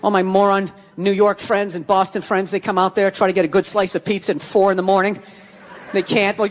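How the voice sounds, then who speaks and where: A man's voice: high voice, fairly even intonation, brisk, background noise. Ranting profane man on a big stage. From US East Coast. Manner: ranting, profane, shouts punchlines. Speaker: stand-up comedian. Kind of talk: stand-up comedy routine. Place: large theater stage before a live audience. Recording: live hall recording with crowd laughter.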